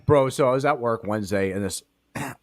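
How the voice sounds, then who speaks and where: A man's voice: mid-range voice, a little fast, no room sound, studio quality. Profane man telling crude stories. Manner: profane, animated storyteller doing voices of coworkers. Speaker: podcast co-host. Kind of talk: crude casual chat and storytelling. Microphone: studio mic.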